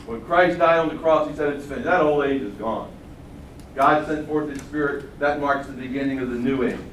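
An older man preaching a sermon, swinging from loud exclamations to quiet asides. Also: mid-range voice, brisk. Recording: roomy sound from far off the mic, faint hum.

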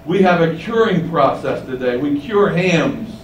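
Male preacher, slightly high voice, deliberate emphatic teaching, roomy echo, a step off the mic. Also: expressive, distant mic, slight background noise. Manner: slow, emphatic teaching with rising stresses. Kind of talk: sermon.

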